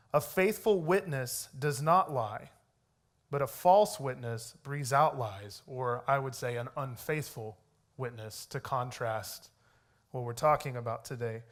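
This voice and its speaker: A man's voice: medium pitch, a bit bright. A young adult man giving a church leadership talk, telling a personal story and reading scripture, with a conversational manner that often checks in with "right?". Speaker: church media arts director teaching leaders.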